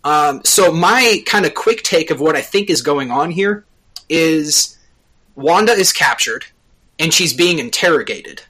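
A man co-hosting a podcast, recapping a TV episode at length in casual chat, often pausing on filler sounds. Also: fairly high pitch, expressive, sharp tone, breathy edge, rough recording. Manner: explains at length with frequent uh fillers. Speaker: podcast co-host.

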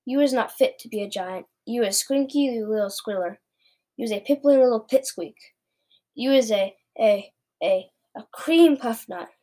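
A greedy, man-eating male giant from a storybook, loud and bullying in every word, as a woman reading aloud puts him on. The voice sits fairly high and sneers at whoever he is talking to. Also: fairly quick, close to an everyday voice.

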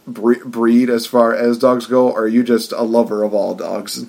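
A man hosting a relaxed interview. He jokes with his guest and often stammers into his sentences, and his voice has a gravelly, creaky texture. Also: medium pitch, moderate pace. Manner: friendly, stammering restarts, joking. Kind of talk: casual interview chat.

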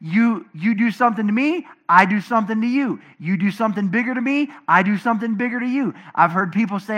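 High, bright-voiced animated man preaching. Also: quick pace, hardly any pauses. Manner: animated preaching, swinging from loud emphatic to low and quiet. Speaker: pastor. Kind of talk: sermon.

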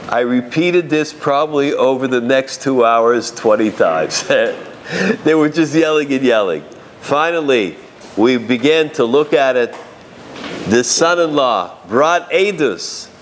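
A rabbi telling a story from his own work as an arbiter, in a lively manner with asides and restarts. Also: on the high side, a little hiss or hum. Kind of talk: storytelling talk to an audience.

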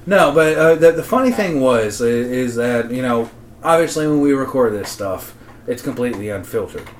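A man's voice: mid-range voice, expressive, normal speed. Man, podcast co-host, casual profane chat, roomy sound, faint background noise. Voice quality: profane, mock-ranting bursts.

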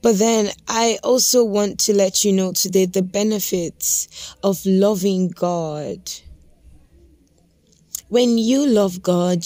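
A woman's voice: mid-range voice, takes it slowly, dark tone, no echo. A young woman hosting a devotional podcast, talking earnestly and repeating her points for emphasis. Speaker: podcast host.

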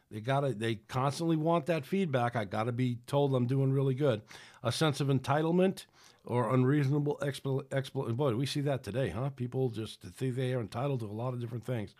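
A man with a medium-pitched, darkish voice preaches on a podcast in a sermon-style talk. His delivery is rambling and conversational, with frequent restarts and quotes he acts out.

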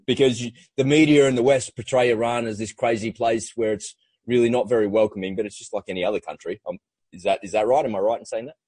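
A male host with a husky, slightly rough voice asks long, wandering questions in a relaxed conversational tone. He laughs along with his guest and keeps the talk flowing. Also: medium pitch, quick pace. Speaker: podcast host, interviewer. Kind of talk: conversational interview.

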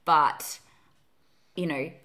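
A woman in casual chat as a podcast co-host, talking fast with lots of fillers and frequent laughs. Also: sits low, steady tone, sharp tone.

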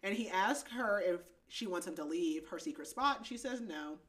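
A woman's voice: fairly low pitch, expressive, moderate pace, a bit bright. A young woman co-hosting a podcast, casually recapping a book, chatty, with lots of "like" fillers and frequent laughter. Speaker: podcast co-host.

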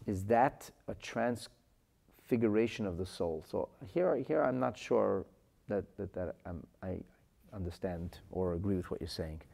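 Animated gravelly-voiced man teaching. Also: lowish voice. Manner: animated, repeats words while searching for phrasing. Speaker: rabbi teaching Chassidus. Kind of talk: live-streamed Torah class answering viewer comments.

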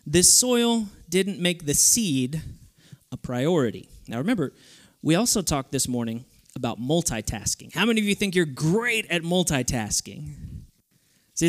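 Lively young male youth preacher. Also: a little high. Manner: lively, playful, switches into goofy voices for stories. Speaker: youth speaker. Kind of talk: sermon to a youth group.

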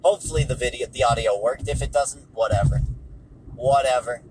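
A man's voice: mid-range voice, fairly even intonation, brisk, background noise. A tired, hungry man hosting a casual solo podcast, offhand and dismissive, repeating himself, recorded in a car. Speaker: podcast host.

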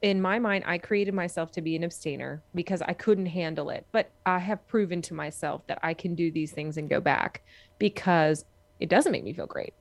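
A woman's voice: on the low side, moderate pace, vocal fry, no room sound. A woman co-hosting a podcast in casual chat, earnest and emphatic, repeating phrases for stress. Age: adult with a young son. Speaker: podcast co-host.

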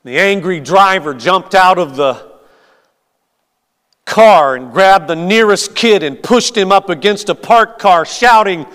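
A male pastor preaching and storytelling in a slow, deliberate rhythm, his voice sitting a little high for a man. He pauses often with small hesitant fillers, and a long hall reverb hangs after each phrase. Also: a bit bright, smooth. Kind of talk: sermon with storytelling.

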